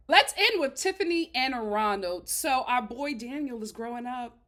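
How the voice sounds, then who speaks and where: Sassy, outspoken woman vlogger, slightly high voice. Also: animated, normal speed, few pauses, sharp tone. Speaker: reality TV review vlogger. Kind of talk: casual commentary to camera. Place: small studio.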